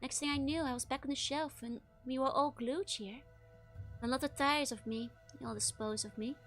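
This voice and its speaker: A woman voicing a sultry, bored talking skull in a slow, languorous whisper, as a whispered role-play. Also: high-pitched, steady tone, a bit bright, soft background music. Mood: languid.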